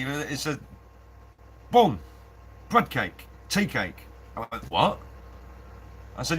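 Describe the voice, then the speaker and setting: Sanding and 3D printer noise fill the workshop as a man livestreams his prop build, laughing a lot, chatting with viewers, and reading the chat aloud. His mid-range, fairly bright voice has a sing-song lilt, and he takes his time with frequent pauses.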